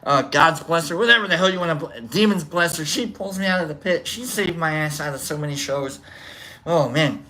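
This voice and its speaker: A show host telling a long, rambling story in a casual way and acting out scenes with shouts. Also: medium pitch, a little fast.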